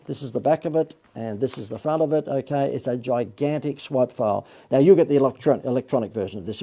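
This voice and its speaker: An Australian man hosting a marketing livestream, making a chatty sales pitch with joking asides and frequent self-corrections. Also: mellow. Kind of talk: Facebook Live sales pitch.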